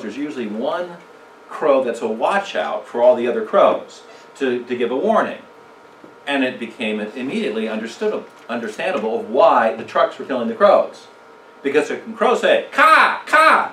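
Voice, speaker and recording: This is casual church seminar talk: a man with a mid-range, animated voice at a moderate pace chats with the audience about communication, asking questions and joking. There's slight background noise, and the distant mic picks up the echoey church room.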